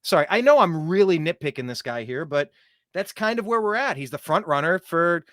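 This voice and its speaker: A man hosting a talk show, ranting in an animated, mocking way about clips he plays. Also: fairly high pitch, fairly quick, no room sound, studio quality. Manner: animated, mocking, does voices while ranting. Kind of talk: opinionated commentary over clips.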